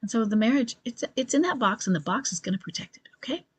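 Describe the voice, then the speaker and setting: A woman's voice: on the high side, animated, fast, breathy edge. Earnest woman giving marriage advice. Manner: earnest and reassuring, often checks in with "okay?"; thinks aloud with restarts and self-corrections. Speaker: marriage coach answering listener questions. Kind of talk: advice monologue to camera.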